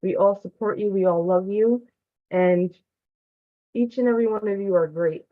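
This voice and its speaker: On a group call, a student from the community gives a heartfelt testimonial, earnest and nearly in tears. Her voice sits at a medium pitch and moves at a normal speed. The line is dry and tinny like a phone, with no room sound.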